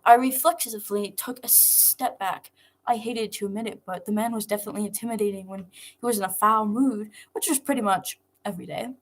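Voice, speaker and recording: A woman reading a fan fiction story aloud in first person, with a steady, measured manner. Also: medium pitch. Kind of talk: first-person read-along narration.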